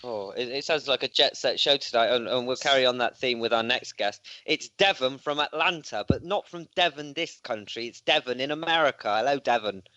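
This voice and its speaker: A man's voice: mid-range voice, a little fast, hardly any pauses, bright, forceful tone, no room sound. A man hosting a casual football podcast while unwell, teasing his guests. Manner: jokey, teasing. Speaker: podcast host. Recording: dull dry lo-fi call audio.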